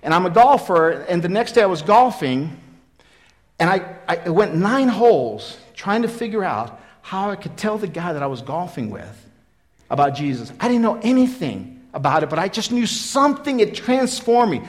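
A man in his fifties preaching a sermon, telling his own story in an earnest, repetitive way that swings from loud emphasis to quiet. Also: high voice, very animated, normal speed. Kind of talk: sermon with personal testimony.

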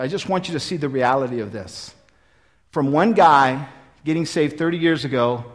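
Earnest preacher man, slightly high voice. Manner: earnest, repetitive, swinging from loud emphasis to quiet. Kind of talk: sermon with personal testimony.

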